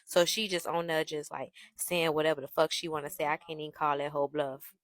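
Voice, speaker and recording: A young adult woman telling a story in a brash, profane, animated gossip style. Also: sits low, a little fast, dry recording. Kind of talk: casual storytime monologue.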